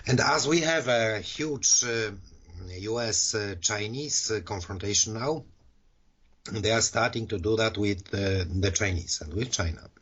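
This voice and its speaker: Male podcast co-host, husky and low, halting speech, dull lo-fi audio. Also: a bit bright. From Poland. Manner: hesitant, many fillers and restarts. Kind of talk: casual political discussion. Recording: dull lo-fi sound.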